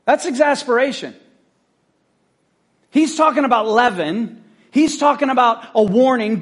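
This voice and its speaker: A man pastor preaching a conversational sermon, telling the story in an animated, casual way. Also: extremely high pitch, moderate pace.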